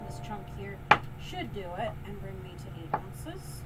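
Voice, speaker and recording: A woman's voice: medium pitch, big pitch swings, measured pace, very noisy. A woman livestreaming as she makes soap, chatting casually, laughing often and reading chat aloud. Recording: lofi music in background. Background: lofi music playing.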